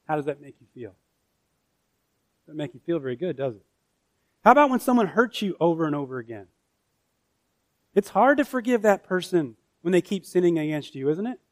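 A man's voice: on the high side, dry recording. Man, pastor, sermon, emphatic, rhetorical questions, dry close recording.

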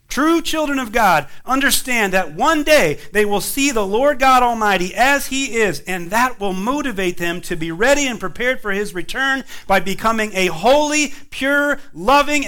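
A man delivering a church sermon in a high-pitched voice with a bright, forceful edge. He preaches with emphatic rises on key words and falls back to quiet, low endings. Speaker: pastor.

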